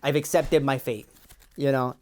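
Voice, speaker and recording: Here the same twenty-something podcast co-host plays a boastful, defensive Mexican-American immigration agent in an improvised sketch, rambling slangily in an LA valley accent. He speaks at a measured pace in a medium pitch that barely moves, slightly mellow and only lightly acted.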